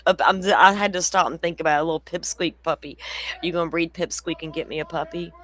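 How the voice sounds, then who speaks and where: A man's voice: a little high, fairly even intonation, fast, fairly bright tone. A man hosting a casual true crime livestream, rambling through stories, laughing often and swearing freely. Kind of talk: casual chat with viewers.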